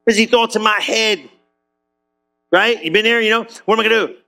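A man preaching in church with a high, bright, ringing voice. He talks to the congregation like a friend, full of slang and quick jokes. The whole sermon stays lively and conversational. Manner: animated, slangy and joking with the congregation. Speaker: pastor.

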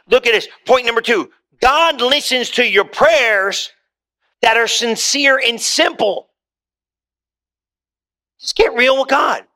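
A man preaching a sermon to a congregation in a conversational, animated way, swinging widely in pitch and pace. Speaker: pastor. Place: church hall before a congregation.

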